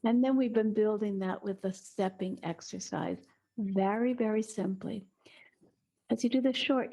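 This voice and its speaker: A middle-aged woman teaching a guided movement lesson indoors, giving slow, soothing instructions with soft breathy asides. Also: mid-range voice. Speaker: eurythmy teacher. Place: indoor room, small.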